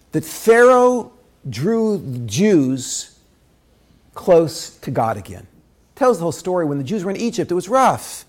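Husky guy teaching torah, super animated storytelling, gets loud then whispery. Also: sits high. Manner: dramatic, swings from loud to hushed.

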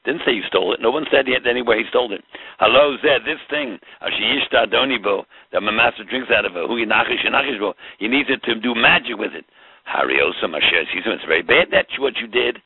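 A man's voice: medium pitch, lively intonation, fast, breathy edge, no room sound. A man teaching a Torah class, explaining with rhetorical questions and mixing in Hebrew terms. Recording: tinny phone-like line.

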